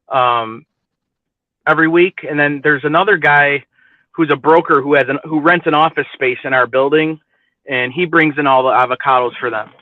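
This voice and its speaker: A man's voice: on the high side, no room sound. Rambling man on a tinny line. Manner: rambling, many repeats of "you know what I mean". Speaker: guest, produce warehouse worker. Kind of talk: casual chat.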